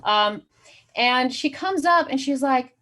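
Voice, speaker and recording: A woman's voice: high-pitched, slow pace. A woman doing a stand-up set, telling stories and acting out the people in them. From Chicago area. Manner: animated storytelling, acts out quoted voices. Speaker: stand-up comedian.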